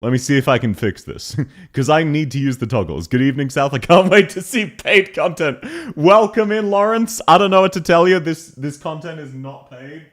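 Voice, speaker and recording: Lively, laughing male streamer. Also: fairly high pitch, normal speed. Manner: playful, laughs often, greets chat by name. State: sounds a bit rough at the start of stream. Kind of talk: casual live-stream chat.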